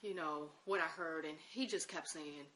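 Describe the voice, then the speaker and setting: A woman's voice: sits low, normal speed, fairly bright tone. A woman recounting an emotional personal story in an interview, acting out the conversations she quotes. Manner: emotional recollection.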